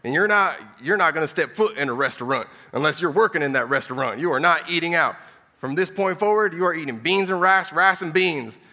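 A man preaching, putting on a brash, bossy male radio money adviser who barks commands loudly. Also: a little high, animated, in a large hall, pitched above the performer's own voice. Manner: loud, emphatic, rapid-fire commands.

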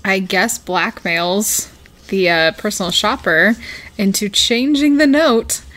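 A woman's voice: medium pitch, slow pace, a bit bright. A woman co-hosting a podcast in casual chat, recapping an episode and laughing often. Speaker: podcast co-host.

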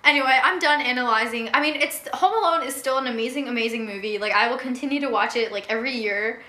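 High bright chatty young woman. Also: fast, roomy sound. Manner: animated, chatty, laughs often. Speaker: podcast co-host. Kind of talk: casual chat.

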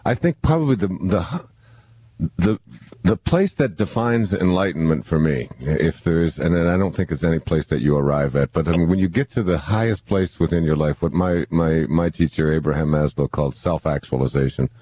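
Low-voiced man musing with halting restarts. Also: mellow, dull audio. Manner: halting, many restarts and repeated words. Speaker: guest speaker on spiritual living. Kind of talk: reflective conversational explanation. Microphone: handheld microphone.

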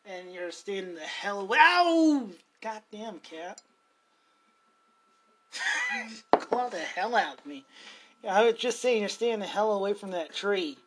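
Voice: mid-range voice, lively intonation, moderate pace, background noise. A podcast host chatting casually at home, rambling, laughing often and swearing now and then. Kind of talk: casual chat. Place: at home with cats.

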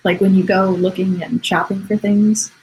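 A woman co-hosting a casual chat show, talking in a slow, expressive way and exclaiming easily. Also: medium pitch, a little hiss or hum, low-quality recording. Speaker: co-host.

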